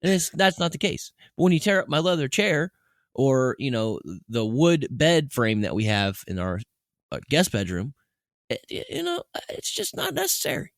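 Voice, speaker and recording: A man's voice: on the high side, wildly swooping pitch, normal speed, no room sound. Guy on a podcast telling cat stories, voice jumps all over, dry sound. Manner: chatty storyteller, acts out talks with his cat. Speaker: podcast co-host. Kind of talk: casual chat.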